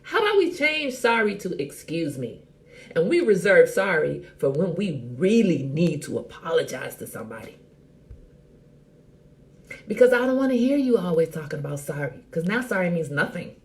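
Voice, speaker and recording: A middle-aged woman hosting a casual live chat, teasing and animated, talking straight to her viewers by name. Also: fairly low pitch, normal speed. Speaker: host.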